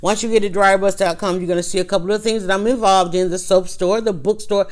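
A woman talks into the mic as the host of her own motivational podcast, coaching the listener directly. Her delivery is animated and loose, wandering into asides and restarting sentences as she goes. Her voice sits at an ordinary middle pitch. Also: fast.

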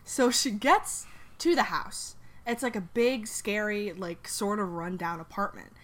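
A woman's voice: medium pitch, measured pace. A woman co-hosting a podcast, telling a rambling story in a giggly, casual way full of fillers. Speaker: podcast co-host.

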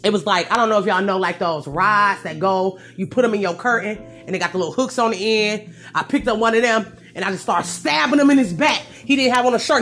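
A young woman tells her viewers a wild story in a casual, animated way. Her voice jumps from loud outbursts to quiet asides. Faint music plays behind her. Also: mid-range voice. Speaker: storyteller vlogger.

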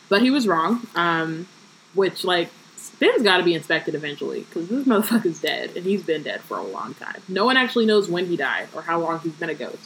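A woman's voice: fairly low pitch, big pitch swings, normal speed, a bit bright, slight background noise, rough recording. Young woman reading a book aloud, chatty. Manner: reads book passages aloud with asides and jokes. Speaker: podcast co-host.

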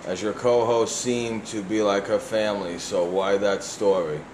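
Deep-voiced New York man hosting a podcast. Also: fairly even intonation, a little slow, reverberant, noisy background. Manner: blunt and profane, reading listener emails aloud. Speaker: podcast host. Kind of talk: casual podcast chat.

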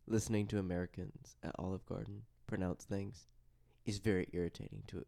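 A man's voice: low-pitched, flat delivery, fairly quick, creaky, mellow. A young man co-hosting a casual podcast, teasing in a dry, matter-of-fact way. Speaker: podcast co-host.

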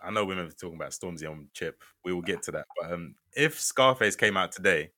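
A young man on a podcast with a lowish voice that moves a lot in pitch. He teases his co-host with slang and laughs easily. The mic is close and dry. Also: expressive, quick pace, pushed and bright, no room sound. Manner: teasing, laughs often, slangy. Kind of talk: casual banter.

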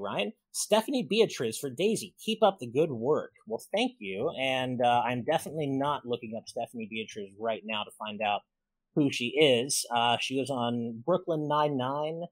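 A man hosts a casual gaming podcast, reading out super chat messages and supporter names in an upbeat, grateful way. His voice is medium-pitched with lively intonation at a normal pace, and there's no echo.

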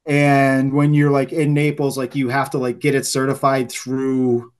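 A man telling loose, animated stories in casual podcast chat, swearing freely and saying "like" a lot. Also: medium pitch, measured pace, clear, resonant tone. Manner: loose, profane, heavy use of "like"; animated anecdote teller. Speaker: podcast guest.

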